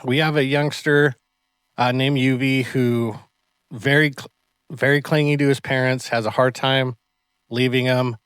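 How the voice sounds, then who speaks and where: A martial arts instructor hosting a casual podcast, telling animated stories and acting out the people in them. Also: male voice, medium pitch, a little slow, clear, resonant tone, no echo. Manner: animated storyteller who acts out the people in his stories.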